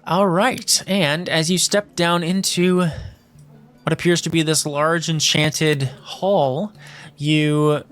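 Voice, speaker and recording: A man's voice: on the high side, steady tone, slow pace, a bit bright, soft background music. A man narrating scenes as game master of a tabletop role-playing game, describing at length with many fillers.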